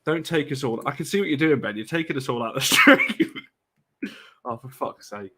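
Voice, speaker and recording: A man's voice: medium pitch, animated, moderate pace, bright, forceful tone, slightly rough. A man ranting in a casual fan stream chat, swearing a lot. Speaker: fan panelist.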